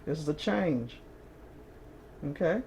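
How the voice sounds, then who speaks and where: A woman's voice: deep voice, animated, takes it slowly, mellow, slight background noise. A woman giving a casual, chatty tarot reading to camera, often checking in with her listeners and breaking into short laughs. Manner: chatty, keeps checking in with "okay?". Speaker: tarot reader.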